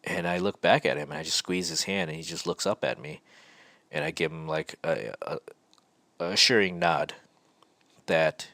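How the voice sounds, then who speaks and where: A man's voice: extremely low pitch, normal speed, long pauses, sharp tone, no echo. A middle-aged man hosting a podcast, telling a personal story in a reflective, hesitant way with many fillers and restarts. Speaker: podcast host. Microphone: podcast mic.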